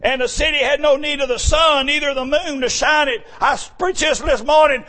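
A man preaching a fervent revival sermon in a church, whooping and swinging from low murmurs to shouts. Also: fairly even intonation, brisk, few pauses.

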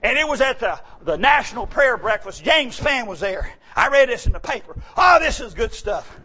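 A man's voice: very high voice, big pitch swings, normal speed, breathy edge. A male pastor, preaching a sermon in an emphatic, folksy way. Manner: emphatic, folksy, bursts into shouting.

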